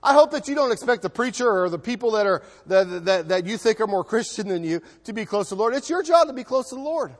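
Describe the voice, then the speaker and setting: A man with a high voice preaches in a church. His delivery is emphatic, shifting between loud passages and hushed ones, with frequent repeated words. A long reverb trails each phrase. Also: expressive, fast, hardly any pauses. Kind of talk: sermon.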